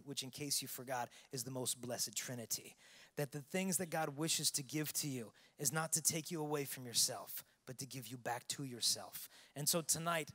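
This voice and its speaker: A man giving a keynote to a large youth conference, preaching with earnest storytelling that swings between hushed and loud. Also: a little high. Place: large arena with long reverb. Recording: long hall reverb.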